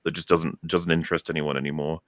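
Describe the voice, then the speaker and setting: Low-voiced man in lively panel chat. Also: quick pace, no room sound, studio quality. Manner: animated, swears casually.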